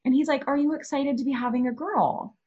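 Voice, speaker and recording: A woman in her thirties telling a story in casual chat, animated and filled with "like". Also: sits high, brisk, muffled recording.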